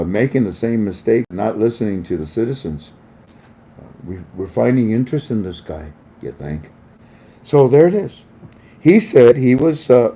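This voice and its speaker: A man hosting a casual monologue in an animated manner, laughing often and acting out voices. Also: fairly low pitch. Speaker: host.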